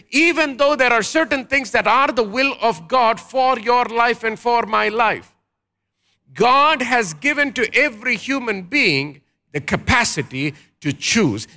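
A man's voice: very high-pitched, bright, forceful tone. A man preaching a sermon as pastor, emphatic, asking the congregation questions and leading call-and-response.

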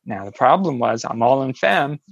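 A woman interview guest, low gravelly voice, lively swings in pitch, animated storyteller, dull dry recording. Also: normal speed, dry recording. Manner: animated storyteller, acts out quoted people. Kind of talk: personal storytelling.

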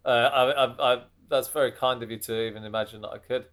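A man, a comedian chatting as a podcast guest, self-deprecating and quick to laugh. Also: mid-range voice, fairly even intonation. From Birmingham, England. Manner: self-deprecating, laughs easily, trails off quietly. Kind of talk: casual podcast chat.

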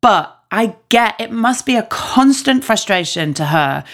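A woman's voice: a little high, lively intonation, unhurried, a bit bright. A northern English woman co-hosting a podcast in casual chat, blunt and opinionated, swearing freely. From northern England. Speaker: podcast co-host.

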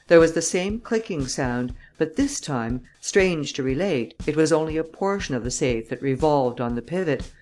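A woman narrating an audiobook in a steady, measured way. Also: sits low.

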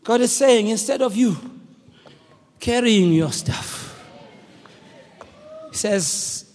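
A male preacher telling a story in a sermon, animated and calling out to his congregation. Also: high voice, slow pace, big-room sound.

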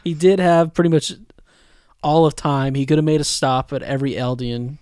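A man co-hosting a casual anime recap podcast, telling stories with animated emphasis and quoting his own reactions. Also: fairly high pitch, normal speed, clear, resonant tone, no room sound, clean studio sound. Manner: animated storytelling, quotes himself. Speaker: podcast co-host.

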